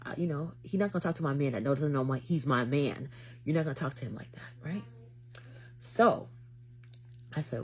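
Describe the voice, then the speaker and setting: Low-voiced young woman telling a story. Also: fast, slightly rough. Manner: dramatic, acts out quotes, lively retelling. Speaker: vlogger telling a dating story. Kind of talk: animated storytelling to camera.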